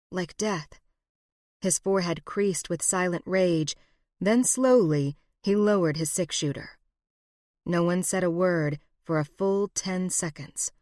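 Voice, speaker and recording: Woman narrator with a steady, lower voice, reading a western romance. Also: dry recording, clean studio sound. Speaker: audiobook narrator. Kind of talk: scripted narration.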